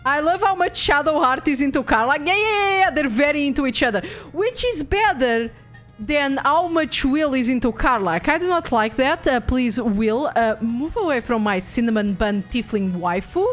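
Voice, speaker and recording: A high-pitched young woman talks through her gameplay stream in a loose, rambling chat. She gets excitable and curses freely. Faint music plays underneath. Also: moderate pace. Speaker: VTuber streamer.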